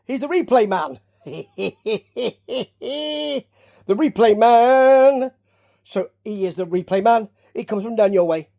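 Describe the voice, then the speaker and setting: A man's voice: high-pitched, animated, takes it slowly, vocal fry, darkish tone. A man from Nottingham with a Nottingham English accent, rambling chattily through a wrestling review with asides and questions to the listener. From Nottingham, England. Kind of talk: casual rambling review commentary.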